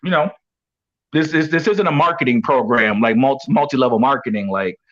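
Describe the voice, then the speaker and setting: A man's voice: medium pitch, fairly quick, fairly bright tone. A man talking as a guest coach who once played pro football, telling stories casually and filling gaps with "you know". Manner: rambling, heavy with "you know" fillers. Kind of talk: casual storytelling. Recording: dull lo-fi audio.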